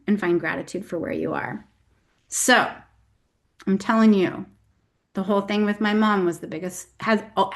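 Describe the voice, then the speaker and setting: A woman in her forties hosts a motivational talk for her business team. She speaks earnestly and with emphasis, at a middle pitch, sometimes acting out her own inner voice as she works through a point. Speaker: host, business coach.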